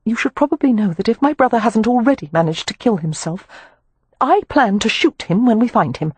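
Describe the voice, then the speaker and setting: Narrator putting on a determined young woman, dry, resolute, in charge, lively, breathy. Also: on the high side, fairly quick, no room sound, pitched above the performer's own voice. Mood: exasperated. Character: determined young woman, exasperated elder sister.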